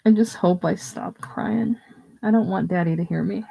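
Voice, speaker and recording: A reader voicing a prim, gentle young newlywed wife who is wounded and close to tears, in a casual play reading. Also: medium pitch, moderate pace, creaky, slightly rough, pitched above the performer's own voice, rough recording. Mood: tearful. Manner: wounded, indignant, near tears.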